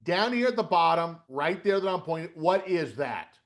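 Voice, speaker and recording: A middle-aged man teaching a live trading webinar, animated, asking questions aloud and checking in with "okay?" as he goes. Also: on the high side, moderate pace. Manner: animated, repeats "okay?" and asks questions out loud. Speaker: trading coach.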